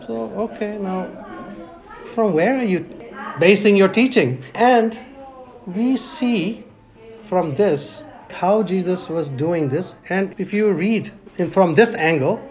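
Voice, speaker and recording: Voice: medium pitch, slow, darkish tone, muffled recording. A Bible teacher speaking informally in a conversation, quoting scripture in old-fashioned wording and speaking English with non-native grammar.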